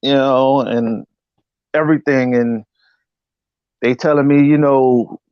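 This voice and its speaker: A man telling a personal story as an interview guest in casual speech, animated and often saying "you know what I'm saying". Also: medium pitch, slow pace, clear, resonant tone, dry recording, lo-fi sound. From United States. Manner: acts out voices in quotes.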